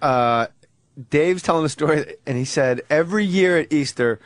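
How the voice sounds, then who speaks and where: High-voiced man telling an animated story. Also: moderate pace, no room sound. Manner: acts out the people in his story with loud, excited voices. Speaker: guest comedian. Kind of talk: animated storytelling on a radio talk show.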